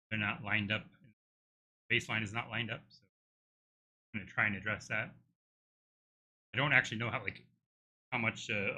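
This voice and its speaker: Live-streaming his coding, a middle-aged game developer with a tired throat thinks out loud, hesitating and restarting often while he works things out. His voice sits on the low side, husky, bright and forceful.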